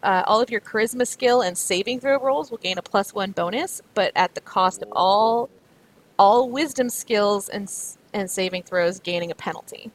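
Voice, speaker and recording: A woman's voice: mid-range voice, moderate pace, rough recording. A woman acting as game master, narrating a tabletop game in a chatty way with many fillers. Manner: chatty, full of fillers and restarts.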